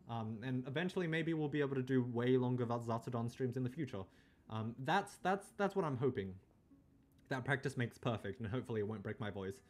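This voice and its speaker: A young man streaming casual chat, rambling with stammered restarts and frequent swearing. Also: mid-range voice.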